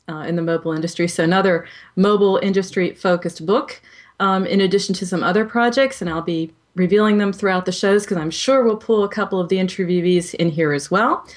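A woman co-hosting a tech show, chatting in an upbeat way and laughing easily. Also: fairly low pitch. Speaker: co-host. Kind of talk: casual show banter.

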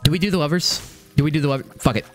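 A young man giving casual live gameplay commentary, excitable and swearing often, repeating phrases under pressure. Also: on the high side, racing, soft background music. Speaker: gaming streamer.

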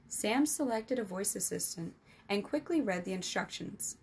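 Female storyteller, scripted narration, ups her pitch for the characters' dialogue. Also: expressive, normal speed, breathy edge. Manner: voices boys' dialogue with higher, louder pitch.

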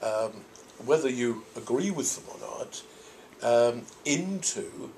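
Older man, from Norfolk, priest, mid pitch, thoughtful, rambling, frequent restarts, faint background hiss. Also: lively intonation, slow pace, darkish tone. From Norfolk, England. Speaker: priest and convention guest. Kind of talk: answering audience questions.

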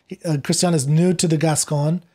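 A man talking as a podcast guest, retelling a play in a lively conversational way and acting out the characters' lines as he goes. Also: on the high side, a little fast. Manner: animated, acts out quoted lines while retelling. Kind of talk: conversational literary discussion.

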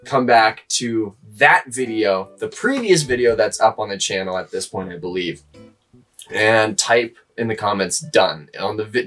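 A man's voice: mid-range voice, a bit bright, distant mic. A young man in casual podcast chat, telling a story with energy and laughing often. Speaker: podcast co-host.

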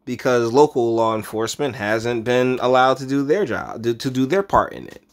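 A young man giving casual, animated commentary on news articles, reading passages aloud and reacting. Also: normal speed. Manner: animated, jumps into high mocking voices when quoting. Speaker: commentary vlogger.

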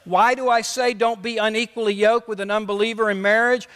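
A male pastor preaching a sermon with passion, dropping soft and then rising to shouts. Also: high voice, steady tone, fairly quick, clear, resonant tone. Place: church sanctuary. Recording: long church reverb.

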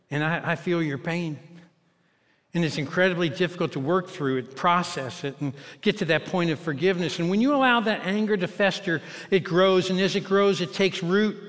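A man's voice: high voice, a bit bright, big-room sound. A man in his sixties preaching a sermon as a teaching pastor, with self-mocking storytelling that turns earnest, in an American accent. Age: 60s. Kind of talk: humorous sermon. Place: large church auditorium.

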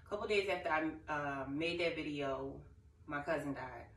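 A woman's voice: low-pitched, normal speed, fairly bright tone, a little hiss or hum. A young woman vlogging to camera, telling an emotional, rambling story in casual talk. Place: living room. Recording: echoey room, far from mic.

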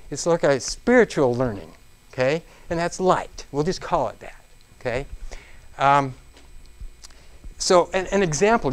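A man presenting a business seminar to a live audience in a room, talking interactively and checking in with the listeners again and again. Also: a little high. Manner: interactive, checks in with frequent "okay?"; animated, acts out exclamations.

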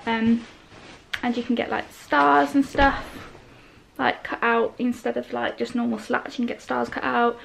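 A woman's voice: on the high side, little pitch movement, a little slow, gravelly. A woman chatting to the camera in a casual home vlog. She rambles and keeps breaking off to coo at and scold her small kids. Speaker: vlogger and mother. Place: family home indoors and in the garden. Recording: noisy home camera recording.

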